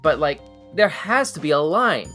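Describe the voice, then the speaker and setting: Man hosting live reaction stream, bright voice, excitable, laughing, faint music behind. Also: fairly high pitch, moderate pace. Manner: excitable, laughing, stumbling restarts. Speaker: show host. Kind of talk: live news reaction chat.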